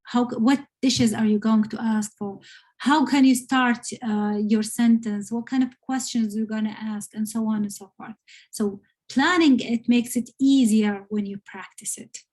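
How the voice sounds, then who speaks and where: A woman's voice: on the high side, steady tone, unhurried, darkish tone. A woman with an Arabic accent teaching an online English lesson, explaining patiently and often checking in with "okay?". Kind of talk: online lecture.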